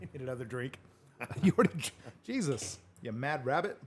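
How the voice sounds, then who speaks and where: A man's voice: mid-range voice, very animated, normal speed, slight background noise. A man telling a loose story as host of a casual chat. He rambles, laughs often and swears without a second thought. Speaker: host answering live questions.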